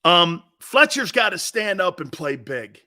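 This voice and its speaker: A man's voice: sits high, sing-song, unhurried, sharp tone. A man hosting a sports talk show, blunt and brash, trash-talking callers and hammering his points home with a repeated "Okay?".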